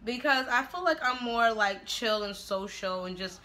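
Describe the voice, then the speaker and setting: Her voice sits fairly high, pushed and bright, and she talks at a normal pace. At home, she makes dinner and does her makeup on camera for a casual get-ready-with-me vlog, being brash, profane, and quick to laugh.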